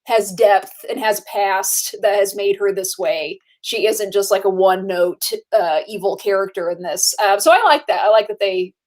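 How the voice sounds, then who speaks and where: A woman co-hosting a casual movie podcast, relaxed and chatty and a little sleepy. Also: medium pitch, normal speed, few pauses. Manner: relaxed, chatty, lots of likes and laughter. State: sleepy, yawning. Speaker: podcast co-host.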